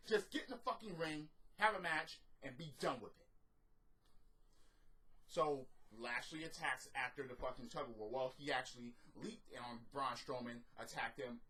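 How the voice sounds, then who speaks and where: A man's voice: fairly high pitch, pushed and bright, rough recording. A man giving an exasperated, profanity-heavy recap and review of a wrestling show, ranting as he goes.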